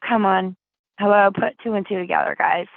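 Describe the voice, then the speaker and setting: A woman's voice: mid-range voice, steady tone, fairly quick, dry recording. A woman from Flint, Michigan, talking as an interview guest in an urgent, emotional, pleading way over a phone line. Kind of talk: impassioned interview talk. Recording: tinny phone line, dry.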